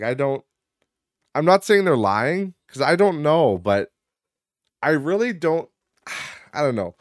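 A man's voice: medium pitch, no room sound, studio quality. A man hosting a podcast in casual rambling chat, swearing and laughing often, sounding tired. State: tired, yawning. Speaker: podcast host.

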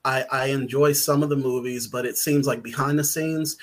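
Podcast guest, male writer, mid-pitched, rambly and hesitant. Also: fairly even intonation, normal speed. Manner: rambling, hesitant with many fillers and restarts. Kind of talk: casual podcast chat.

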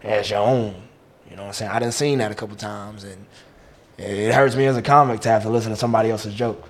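A man's voice: lowish voice, steady tone, quick pace. A young man, chatting casually as a comedian guest, joking and boastful with lots of slang. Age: 20s. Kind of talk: casual podcast chat.

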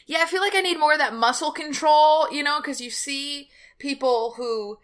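Bright, laughing woman telling stories. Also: high-pitched, normal speed. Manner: laughing storyteller, animated. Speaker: podcast co-host. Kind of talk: casual chat.

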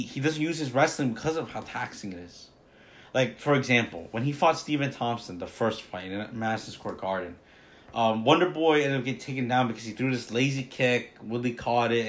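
A man giving a casual, opinionated fight breakdown, rambling with many fillers and restarts. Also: mid-range voice. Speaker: MMA fight analyst.

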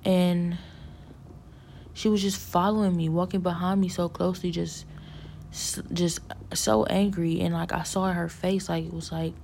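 Woman, gravelly, mellow tone, rambling storytelling, lots of fillers, faint hiss behind. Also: on the low side, flat delivery, moderate pace. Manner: rambling, many fillers and restarts; earnest religious musing. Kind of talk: casual storytelling of a vision.

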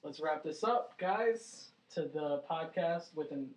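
Young male podcast co-host, somewhat high voice, animated storyteller who swears a lot; distant mic in an echoey room. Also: slow. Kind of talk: casual podcast chat. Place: small home studio. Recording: roomy, distant mic, poor quality.

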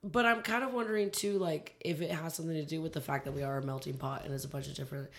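A woman from California co-hosting a podcast, thinking out loud and teasing in casual chat. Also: low-pitched, steady tone, fast. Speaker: podcast co-host.

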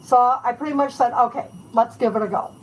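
A woman author telling lively anecdotes in a casual interview, chatting and laughing as she goes. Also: on the high side, brisk, a little hiss or hum, rough recording.

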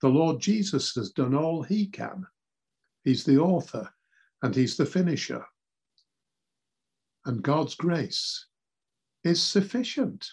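A man preaching a sermon in a measured, earnest way, reading scripture aloud. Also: a little high, very animated, vocal fry, a little mellow, slightly rough.

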